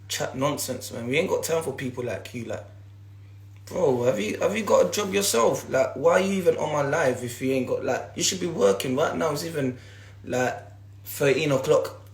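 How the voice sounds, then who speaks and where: A man's voice: a little high, normal speed, creaky. A young man, hosting a casual livestream and ranting at viewers in repetitive slang, talking into a phone. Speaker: livestream host. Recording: echoey room.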